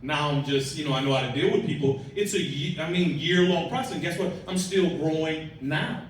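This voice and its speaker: A man's voice: on the high side, a little fast, a little hiss or hum. A man leading a team talk, speaking directly and instructively to his audience. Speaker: team leader interviewing a partner. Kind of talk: motivational talk to a live audience. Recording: echoey room from far off, faint crowd.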